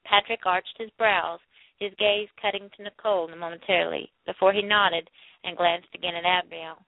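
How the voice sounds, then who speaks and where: Female audiobook narrator, steady novel reading, thin phone-like sound, dry. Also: fairly low pitch, moderate pace, gravelly, no room sound. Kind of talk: novel reading with light character voices.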